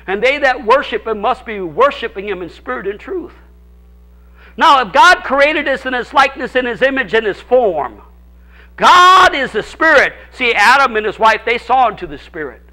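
High, bright-voiced emphatic preaching man. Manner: emphatic, swinging from shouts to low hushed tones; repeats phrases for emphasis. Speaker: pastor. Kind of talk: preaching a sermon. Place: church service.

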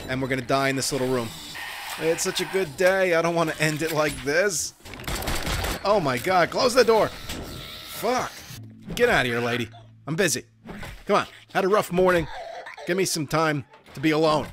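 A man's voice: fairly high pitch, moderate pace, long pauses, noisy background. A man giving profane, wisecracking commentary while playing a game. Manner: profane, wisecracking, jokey asides. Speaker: gaming commentator. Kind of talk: joking gameplay commentary. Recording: game music behind voice. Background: game music.

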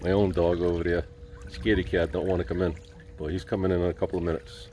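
A man training dogs in a pool, explaining what he does and coaxing the dogs with high, sing-song praise. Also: fairly even intonation, fast, background noise. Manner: coaxing, high-pitched baby talk to dogs. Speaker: dog trainer. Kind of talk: casual vlog narration. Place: outdoor pool, in the water.

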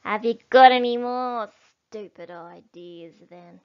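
A woman voicing a small, pot-bellied, grumpy male farmer who shouts mockingly in a storybook reading. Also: medium pitch, takes it slowly, smooth, natural voice. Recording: dull lo-fi recording.

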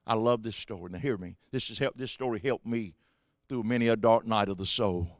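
A man preaching a sermon as pastor, swinging between quiet asides and shouted exhortations. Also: lowish voice, fairly quick, no echo, studio quality. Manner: swings from hushed to shouting, drawling preacher cadence. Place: church sanctuary.

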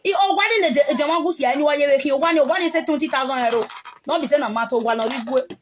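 Nigerian woman, high voice, heated live-video rant. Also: very fast, slight background noise. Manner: heated, scolding, mixing pidgin and local language.

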